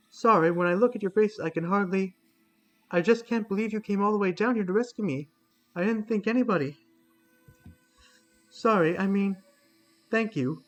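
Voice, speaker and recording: A man voicing a shy, naive young female bug who speaks in a pleading, halting way. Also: high voice, pitched above the performer's own voice, lightly acted. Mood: flustered.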